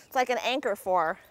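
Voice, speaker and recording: A woman working as a dog agility trainer outdoors, coaching and explaining as she works a dog, breaking into squealing praise and frequent laughter. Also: fairly high pitch.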